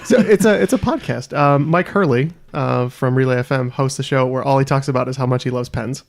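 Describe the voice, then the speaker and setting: A man's voice: medium pitch, a little fast, gravelly. A man playing as a contestant on a podcast trivia game, chatty and explaining things with lots of fillers. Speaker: podcast regular, quiz contestant. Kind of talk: casual banter.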